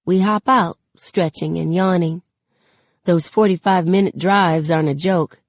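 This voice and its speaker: A woman reading a novel aloud in a steady, unhurried way. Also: on the low side, dry recording. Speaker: reader.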